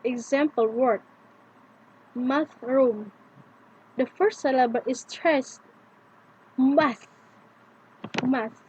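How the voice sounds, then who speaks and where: A young adult woman, a native Indonesian speaker, reading a prepared pronunciation lesson aloud and slowly repeating example words. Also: sits high, darkish tone. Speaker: student presenting pronunciation lesson. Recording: dull lo-fi with faint noise.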